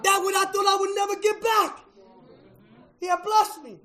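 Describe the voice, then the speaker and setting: A middle-aged man telling his recovery story to a meeting, emotional, with a preacher-like rhythm, going from hushed to shouting and repeating "man.". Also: extremely high pitch, fairly even intonation, normal speed, echoey room, faint music behind, rough recording. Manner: preacher-like, repeats phrases, says "man" often. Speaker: recovery speaker at a fellowship meeting. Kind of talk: personal testimony to an audience.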